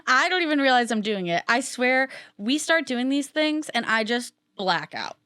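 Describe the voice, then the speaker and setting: A woman's voice: a little high, sharp tone, clear, resonant tone, dry recording, studio quality. A woman co-hosting a podcast in casual chat. She laughs often and pokes fun at herself. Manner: chatty, laughs often, self-mocking. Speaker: podcast co-host.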